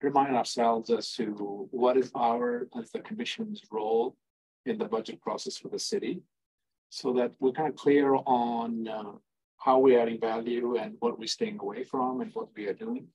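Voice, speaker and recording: Man commission chair, husky, mid pitch, hesitant and halting. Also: big pitch swings, a little mellow, low-quality recording. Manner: hesitant, many fillers and restarts. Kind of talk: meeting chairing. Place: city meeting room.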